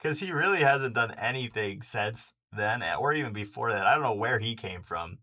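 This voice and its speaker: Lively low-voiced man chatting casually. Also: moderate pace. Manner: lively, laughs between points. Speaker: podcast co-host. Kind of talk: casual movie discussion.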